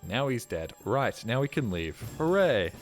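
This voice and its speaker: Low-voiced, rambling male game streamer. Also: lively intonation, moderate pace. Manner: rambling, joking and profane. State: tired, ears ringing. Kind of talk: casual live gameplay commentary. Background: game music.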